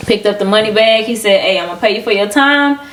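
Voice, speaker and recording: A woman co-hosting a podcast, telling stories in a lively casual way and acting out what people said. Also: medium pitch, quick pace, slight background noise. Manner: animated storytelling, acting out quoted people. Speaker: podcast co-host. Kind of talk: casual chat.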